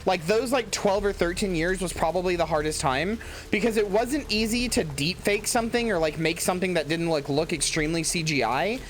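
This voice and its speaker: A man's voice: high-pitched, brisk, a little hiss or hum. A man streaming a game in casual commentary, rambling with many fillers and swearing into a headset mic.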